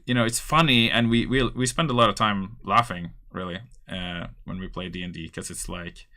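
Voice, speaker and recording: Deep-voiced man in a bright, rambling chat. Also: fairly even intonation, moderate pace. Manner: rambling, loose, many fillers. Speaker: host. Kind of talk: casual chat.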